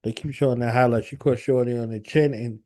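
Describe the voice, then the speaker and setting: A man in casual podcast chat, telling stories and giving enthusiastic shout-outs. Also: medium pitch, fairly even intonation, quick pace.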